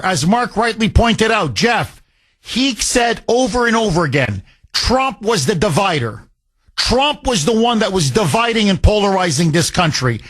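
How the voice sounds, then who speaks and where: A male talk radio host in full indignant monologue, his voice pitched high and swinging widely as he hammers home each rhetorical question. He takes his time, leaning hard on every word. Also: a bit bright.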